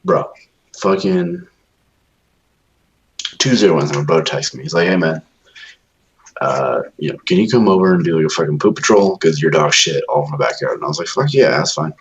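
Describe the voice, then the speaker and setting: A very low-voiced man rambles through a profane story on a casual podcast, slipping into quick impressions of the people in it. The recording sounds a little dull and lo-fi. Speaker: podcast co-host. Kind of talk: casual chat.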